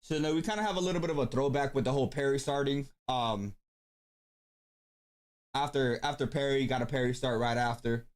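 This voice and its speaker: A man's voice: mid-range voice, steady tone, brisk. Laid-back man hosting a stream. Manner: laid-back, thinks aloud with many ums. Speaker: tournament stream host. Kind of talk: casual live-stream commentary.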